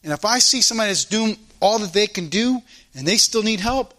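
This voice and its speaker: A man preaching a sermon in a church as a pastor, swinging between loud emphasis and quiet asides, repeating phrases for emphasis. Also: high voice, lively intonation, brisk. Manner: informal spoken grammar, repeats phrases for emphasis.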